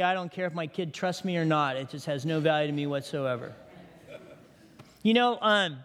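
Middle-aged guy preaching in church, kinda high voice, long echo off the hall. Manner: conversational preaching, asks the congregation questions. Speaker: pastor. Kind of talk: sermon. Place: church sanctuary.

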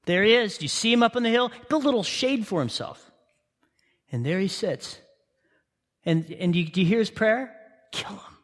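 In a church sanctuary with the long reverb of a large hall, a man preaches a sermon with impassioned storytelling and repeated rhetorical questions. His high voice is expressive and brisk, broken by long pauses.

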